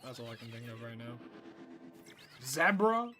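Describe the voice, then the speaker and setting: A young man streaming a game, telling stories to his chat in an animated way and laughing often. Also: medium pitch, moderate pace, slight background noise. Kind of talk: casual live-stream chat while gaming.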